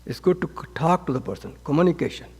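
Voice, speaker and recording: A man as a swami teaching a scripture class, speaking gently and haltingly with frequent restarts and repeated words. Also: fairly high pitch, lively intonation, breathy edge. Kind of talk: spoken scripture class with counseling advice. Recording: long reverb of a hall.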